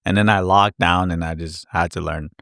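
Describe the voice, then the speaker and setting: A man hosting a casual live Q&A stream, chatty and animated, acting out his past reactions with little sound effects. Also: low voice, normal speed, creaky, no echo, studio quality. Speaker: crypto educator hosting a live Q&A. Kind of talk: casual livestream chat.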